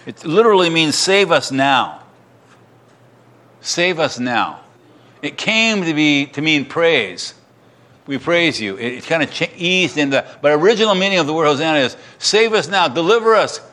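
A man's voice: on the high side, expressive, fairly quick, pushed and bright. A middle-aged man preaching a sermon as pastor in a church, acting out crowd cries and restarting his sentences.

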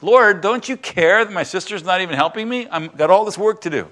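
A flustered, overworked woman pleads for help with the housework, as a man reads her lines aloud. The voice sits only a touch higher and louder than the reader's plain speaking voice. It is read as part of a scripture passage, not fully acted. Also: lively intonation, moderate pace, slight background noise. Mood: exasperated.

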